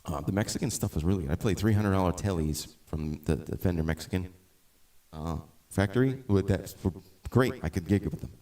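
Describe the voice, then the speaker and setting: Between songs on a live stream, a middle-aged musician and host chats casually in a very low, darkish voice, talking a little fast. He rambles, starts sentences over and wanders into tangents.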